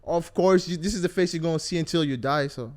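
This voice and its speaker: A man hosting a casual football podcast chat, playful and quick to laugh. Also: on the high side, background noise. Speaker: podcast host.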